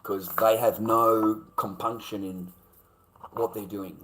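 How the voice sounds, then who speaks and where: A man's voice: on the low side, fairly even intonation, takes it slowly, a bit bright, echoey room, low-quality recording. A middle-aged Australian man ranting casually to his viewers, swearing heavily and rambling from point to point. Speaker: video creator. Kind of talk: casual rant to camera.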